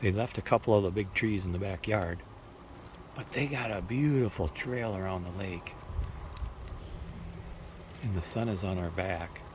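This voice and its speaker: A man's voice: low-pitched, moderate pace, pauses often, noisy background. Minnesotan man narrating a trike ride. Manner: chatty, pointing things out along the way. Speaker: trike touring vlogger. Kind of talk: casual outdoor narration while riding. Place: outdoors on park bike trails.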